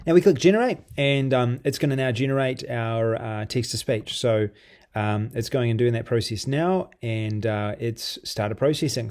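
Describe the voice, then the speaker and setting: A man talks through a software demo in a relaxed, offhand way, pausing and restarting as he goes. His voice is mellow and warm, set at an ordinary middle pitch. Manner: loose and conversational, many ums and restarts. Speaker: software reviewer. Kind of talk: casual screen-recorded software walkthrough.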